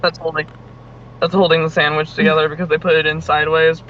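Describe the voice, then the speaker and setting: Bright-voiced man on a call from his car. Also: fairly high pitch, flat delivery, fast. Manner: talkative, joking, laughs often, swears casually. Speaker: friend on a call. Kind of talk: casual chat while driving. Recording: muffled call audio with road noise.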